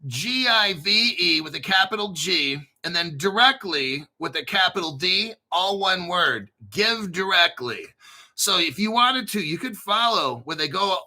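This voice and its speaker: A man hosts a crypto commentary show in a high, bright, tense voice. He speaks slowly and sarcastically, throws in dramatic asides and keeps clearing his throat. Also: lively intonation, poor audio. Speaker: crypto channel host.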